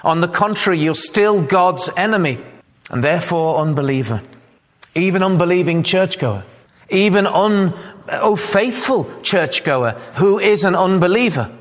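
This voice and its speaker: A man's voice: high voice, animated, measured pace, long reverb tail. A man preaching a sermon, earnest and rising to fervent, emphatic peaks.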